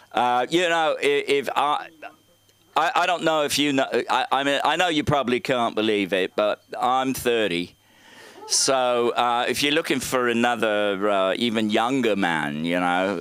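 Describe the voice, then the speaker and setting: A man hosting a comedy show, delivering dark jokes deadpan with halting phrasing, speaking into a handheld mic on a club stage. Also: on the low side, clean tone.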